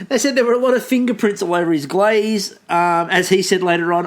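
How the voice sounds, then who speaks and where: An Australian podcast co-host with a high-pitched voice chats casually at a moderate pace. He jokes around and laughs often throughout.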